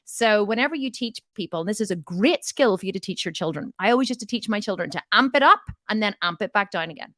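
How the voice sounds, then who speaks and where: A woman's voice: mid-range voice, animated, fast, hardly any pauses, fairly bright tone, no room sound. Frank woman coach, dry close sound. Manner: storytelling, acting out both sides of conversations; frank, swears casually. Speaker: fitness and mindset coach. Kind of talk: casual coaching talk.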